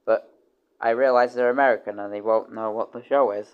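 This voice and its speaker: A man's voice: a little fast, smooth, narrow, tinny audio. A man livestreaming in a casual rambling chat. He swears freely and keeps stopping and restarting his sentences. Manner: rambling, full of restarts and repeated words; animated, with loud excited jumps in pitch.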